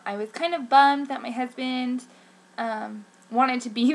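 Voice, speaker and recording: A young woman vlogging, telling a story in an excitable, chatty way with lots of fillers and acted-out quotes. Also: medium pitch. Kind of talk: casual vlog storytelling.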